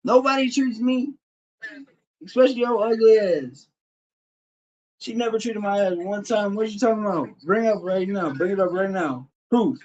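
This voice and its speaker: A man's voice: sits high, normal speed, a little mellow, highs cut off. A man live-streaming, taunting someone with crude trash talk and insults. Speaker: livestreamer.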